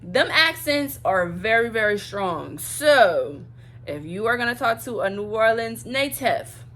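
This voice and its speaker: Speaking in a Southern accent, this young vlogger from Louisiana talks casually to camera, bluntly and profanely, driving points home through repetition. Her voice runs on the high side, a bit bright, with lively intonation and a measured pace.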